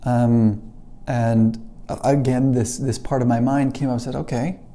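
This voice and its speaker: A middle-aged man, an English teacher, telling a personal story to camera in an earnest way, slowing down and dropping to a hush at the emotional moments. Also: mid-range voice, level tone.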